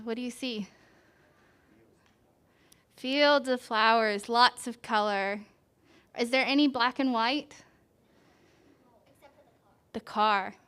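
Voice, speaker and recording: A woman reading a picture book aloud to children at a church service, gently asking them questions as she goes. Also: fairly high pitch, measured pace, long pauses. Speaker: children's story reader.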